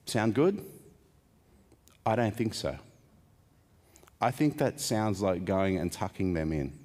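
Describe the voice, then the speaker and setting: A man's voice: fairly low pitch, very animated, takes it slowly, darkish tone. A man preaching a sermon in a conversational way, putting questions to the congregation and adding wry asides. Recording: long hall reverb.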